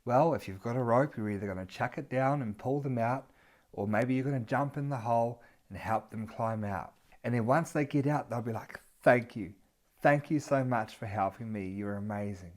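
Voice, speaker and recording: A man talking to his viewers in a relaxed, conversational manner, walking them through a story as he goes. His voice sits in an ordinary middle pitch. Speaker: vlogger. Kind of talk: casual storytelling monologue.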